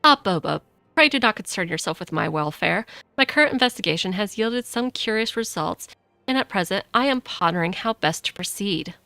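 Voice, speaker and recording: A woman voicing a young male noble scholar from a video game, speaking in formal, old-fashioned phrasing with a lowered voice. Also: lively intonation, fairly quick, creaky, bright, forceful tone, no room sound. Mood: reserved.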